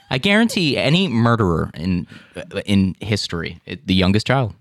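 A man's voice: fairly low pitch, big pitch swings, moderate pace. A male co-host in casual banter, making sarcastic, jokey comebacks. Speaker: co-host of a daily news show.

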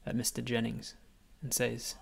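A man's voice: mid-range voice, completely flat delivery, moderate pace, vocal fry, breathy edge. A man acting as game master, narrating a tabletop game with vivid description.

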